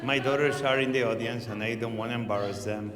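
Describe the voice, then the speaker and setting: A man's voice: medium pitch, quick pace, background noise. Spanish-accented man, echoey hall. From Spain. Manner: animated, laughing, swearing freely. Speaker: podcast host. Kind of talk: live onstage conversation. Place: large venue with live audience.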